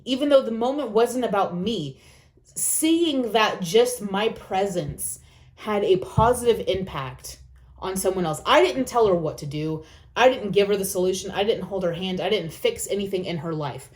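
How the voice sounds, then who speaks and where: Woman talking straight to camera, earnest and encouraging, repeats herself to drive it home, mid-pitched voice. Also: darkish tone. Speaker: vlogger. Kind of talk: reflective personal talk.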